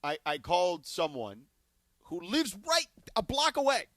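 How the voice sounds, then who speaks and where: A man co-hosting a sports talk radio show, telling a story in an animated way and acting out both sides of the conversation. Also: sits high, unhurried, no room sound. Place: radio studio. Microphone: studio broadcast mic.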